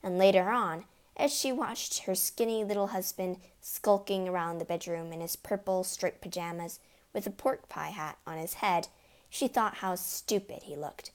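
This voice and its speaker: A woman narrating a storybook reading in an expressive, lively way. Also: on the low side, normal speed.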